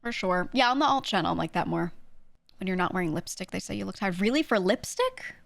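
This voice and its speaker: Woman streamer, fast casual chatter, slight vocal fry, dry close sound. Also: lowish voice, dry recording. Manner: quick, chatty talker; relaxed and conversational, lightly projected for the mic. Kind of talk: casual chat answering a livestream chat.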